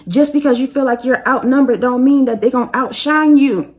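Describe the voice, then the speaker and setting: A woman, a spiritual reader, gives a passionate motivational address to her viewers, fervently repeating her points and urging them directly. Her voice sits high and moves fairly quickly.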